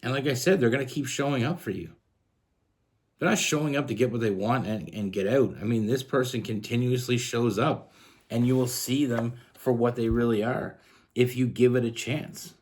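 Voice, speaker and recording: A man's voice: mid-range voice, normal speed, darkish tone. Earnest Canadian man reading tarot. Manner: earnest, rambling, restarts often. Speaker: tarot reader.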